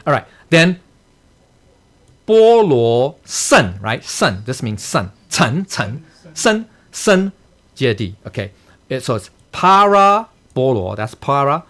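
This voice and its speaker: A man leads a temple study class, his pitch leaping up and down as he explains a sutra line by line. He keeps asking "okay?" and "right?" to check that the room is following, and chuckles now and then at his own jokes. His voice sits at an ordinary middle pitch. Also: very animated, unhurried, bright, forceful tone. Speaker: dharma teacher.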